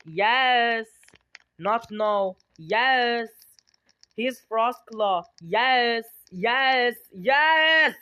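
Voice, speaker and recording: A young adult streamer giving excited gameplay commentary, giggling, squealing and talking dramatically to themselves. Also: medium pitch, drawn-out words, smooth, lo-fi sound.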